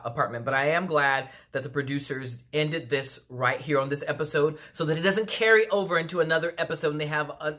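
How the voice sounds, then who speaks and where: Reality tv recap vlogger, gossipy, chatty, lots of asides, bright tense voice, at home. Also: medium pitch. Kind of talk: casual chatty commentary.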